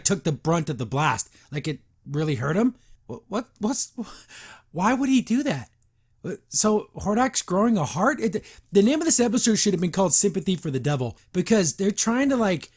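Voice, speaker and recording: A podcast host recaps a cartoon episode in a loose, chatty way. The voice sits mid-range in pitch, with plenty of "like" and "you know" and a wry, disbelieving edge. It is recorded close on a podcast mic. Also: big pitch swings, moderate pace, a little mellow, husky. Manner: rambling, filler-heavy, wry and incredulous. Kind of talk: casual episode recap and review.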